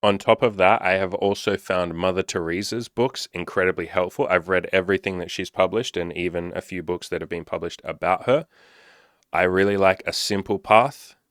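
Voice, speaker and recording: A man's voice: low-pitched, normal speed, dry recording, studio quality. A man talking casually to camera as a self-improvement coach, swearing freely and acting out panicky inner voices. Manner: profane, animated, acts out panicky inner voices.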